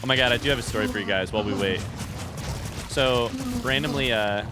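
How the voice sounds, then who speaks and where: A man's voice: medium pitch, a little fast, noisy background. A man in his thirties giving casual, chatty commentary while playing a video game, telling stories and poking fun at himself. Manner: chatty, self-mocking, storytelling between fights. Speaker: streamer.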